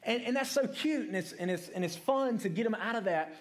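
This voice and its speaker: A man's voice: sits high, expressive, brisk. A man giving a conversational sermon to adults, often asking the room questions and ending points with "right?", with many repeated words and restarts. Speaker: preacher.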